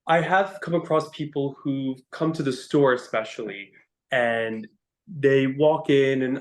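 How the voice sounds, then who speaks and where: A man in a podcast interview, telling stories about his work as a musician. He speaks emotionally, with a halting delivery and frequent restarts. His voice sits in the middle range. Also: mid-range voice. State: choked up. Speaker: guest musician, harp teacher.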